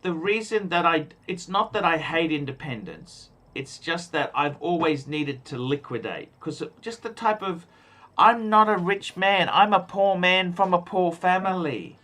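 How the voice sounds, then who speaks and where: A man from Australia hosts a casual livestream, talking in a rambling, excitable way. His voice sits high and rings bright and forward. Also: a little slow. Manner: excitable, rambling, reads out donations. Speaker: livestream host. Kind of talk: casual watch-talk livestream.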